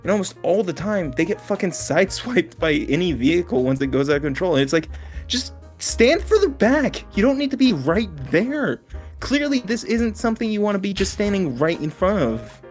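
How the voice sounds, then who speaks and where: A man's voice: high-pitched, very animated, moderate pace, soft background music. A young man co-hosting a podcast in casual chat, swearing often and laughing as he talks. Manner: swears a lot, laughs while talking. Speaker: podcast co-host.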